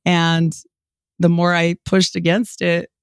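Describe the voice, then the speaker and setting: A woman in her forties from Utah, a podcast guest telling her story in a lively way, acting out what people said and laughing often. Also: lowish voice, slow pace, clean tone, no room sound, studio quality. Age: 40s. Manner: animated, quotes people in lively voices, many "like" fillers. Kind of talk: storytelling interview.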